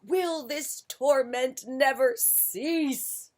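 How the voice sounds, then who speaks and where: A woman voicing a fussy, grumpy male bear who demands quiet, with stern, theatrical complaints. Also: mid-range voice, lively intonation, normal speed, a little hiss or hum, close to an everyday voice.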